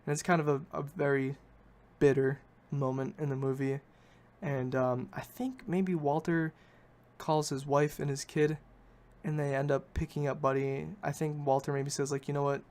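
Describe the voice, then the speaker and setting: A man's voice: fairly high pitch, fairly even intonation, normal speed, a little mellow. Guy on a podcast retelling a movie plot, rambly, keeps correcting himself. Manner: rambling, self-correcting, hedges often. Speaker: podcast host. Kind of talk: casual movie recap.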